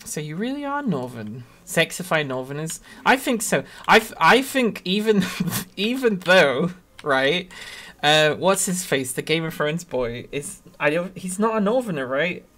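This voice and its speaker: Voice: mid-range voice, very animated, a little slow, a bit bright. Rambling streamer with a Northern English accent. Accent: Northern English, Sheffield area. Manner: rambling, chatty, laughs mid-sentence; trims own accent toward neutral. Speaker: game streamer reading chat. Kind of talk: casual live-stream chat.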